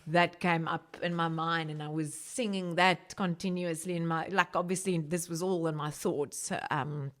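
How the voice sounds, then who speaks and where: A woman's voice: steady tone, normal speed, few pauses, fairly bright tone. A woman from South Africa, a podcast guest, telling her story in conversation, growing emotional as she speaks. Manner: emotional, rising pitch when recounting prayer. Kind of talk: personal testimony in conversation.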